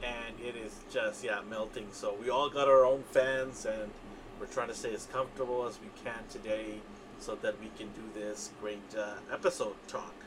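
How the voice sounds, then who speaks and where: A man hosting a casual podcast chat, upbeat and quick to laugh as he leads the talk. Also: lowish voice, steady tone, background noise. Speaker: podcast host.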